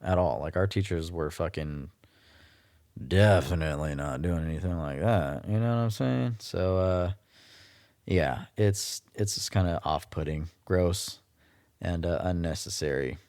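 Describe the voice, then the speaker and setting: A man's voice: low-pitched, a little slow, a little mellow, no room sound, studio quality. A man hosting a solo podcast, ranting in a casual, blunt and profane way. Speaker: podcast host.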